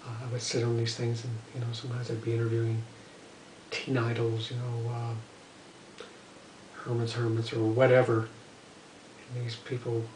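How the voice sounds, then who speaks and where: An older man telling a long casual story about his life as a musician, rambling and filling pauses with "you know" and "uh". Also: medium pitch, noisy background. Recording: roomy echo, voice from a distance.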